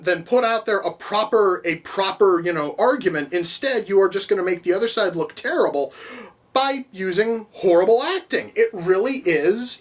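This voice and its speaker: A woman's voice: medium pitch, breathy edge. A woman reviewing a film in a casual, profane, rambling way, full of restarts and fillers. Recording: voice distant from the mic.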